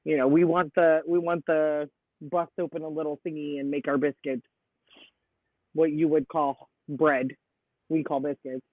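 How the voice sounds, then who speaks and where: A man's voice: on the high side, measured pace, no room sound. A man hosting a live stream in casual chat, talking at length and laughing often. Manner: chatty, laughs often, animated storytelling. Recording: dry tinny phone-like sound.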